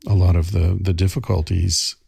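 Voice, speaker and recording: A man's voice: sits low, level tone, moderate pace, vocal fry, warm tone, breathy edge, no room sound, studio quality. A middle-aged man hosting a podcast, talking casually in a thoughtful, rambling way with many fillers and restarts. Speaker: podcast host. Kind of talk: casual monologue.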